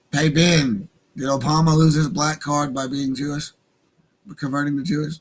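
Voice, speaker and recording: A man's voice: a little high, little pitch movement, a little fast, low-quality recording. A Native American man hosting a livestream radio show, talking casually in a rambling, profane way and laughing at his own jokes.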